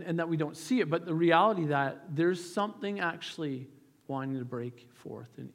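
A man's voice: fairly high pitch, vocal fry. A male pastor giving an earnest, conversational sermon, often restarting his sentences. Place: church sanctuary. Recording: hall reverb, church sanctuary.

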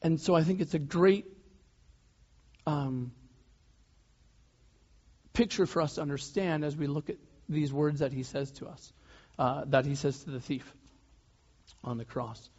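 Male pastor, slightly high voice, relaxed conversational sermon delivery, dull lo-fi recording. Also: unhurried, pauses often, husky. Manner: conversational, loose preaching with restarts and soft laughs. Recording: dull lo-fi sound.

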